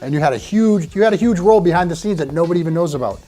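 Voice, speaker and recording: A man's voice: on the high side, lively intonation, racing, mellow, faint music behind. A man co-hosting a casual chat show, eagerly asking a guest questions. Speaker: co-host.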